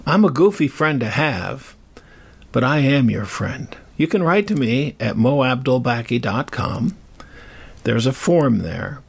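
A man's voice: medium pitch, expressive, unhurried, vocal fry, breathy edge. An older man hosting a show, telling a story in a rambling, chatty, self-deprecating way. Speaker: host. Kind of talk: casual storytelling.

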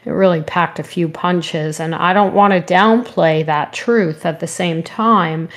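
A somewhat low-voiced woman hosts a live spiritual stream, slightly hoarse from talking. She rambles gently and greets her viewers one by one. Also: unhurried. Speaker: spiritual show host.

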